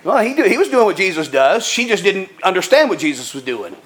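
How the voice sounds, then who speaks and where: A man's voice: high-pitched, very animated, fairly quick, a bit bright. A male pastor preaching a sermon in a folksy, emphatic, conversational way.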